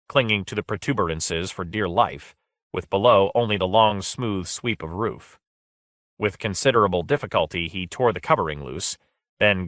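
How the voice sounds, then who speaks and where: A man narrating an audiobook in a steady, measured way. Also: low-pitched, no echo, clean studio sound. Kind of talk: scripted narration.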